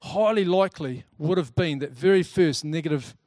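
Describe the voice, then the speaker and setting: A man giving a talk to a live audience, lively and chatty, telling personal stories and acting out the people in them. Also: a little high, normal speed, no room sound, studio quality. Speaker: speaker presenting to a group.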